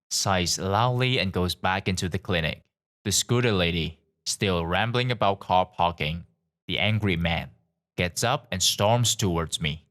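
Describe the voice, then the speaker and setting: A man reading forum stories aloud in a plain, expressive way. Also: low voice, a little slow. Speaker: narrator of online stories.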